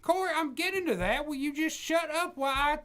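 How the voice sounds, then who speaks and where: A man putting on the voice of a prudish, bigoted older male televangelist in a comedy radio bit, talking in a high stammering drawl. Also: very animated, unhurried, fairly bright tone, exaggerated voice. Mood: exasperated.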